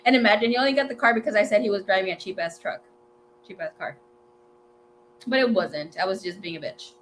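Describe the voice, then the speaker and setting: A woman's voice: medium pitch, brisk. Woman, twenties, tarot livestream host, chatty storyteller, swears, drops Spanish words, faint hum. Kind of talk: casual storytelling chat.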